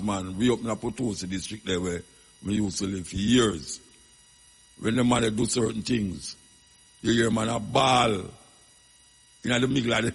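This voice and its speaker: A Jamaican man speaks on a radio talk show in a gravelly, husky voice. He rambles through stories in patois, leaning on emphatic asides, and a long reverb trails his words. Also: medium pitch.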